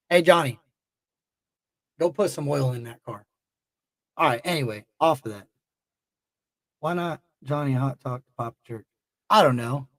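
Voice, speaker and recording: A YouTube livestream host talks to his chat in a fairly high-pitched voice at a moderate pace, broken by long pauses. He's blunt, heated and emotional, rambling and swearing a lot. The audio has no echo.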